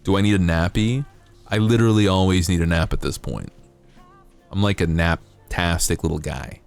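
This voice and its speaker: A man's voice: low-pitched, moderate pace, vocal fry, smooth, faint music behind. A young man streaming a game, chatting casually in rambling, profane, self-mocking rants. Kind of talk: casual live-stream chat while gaming.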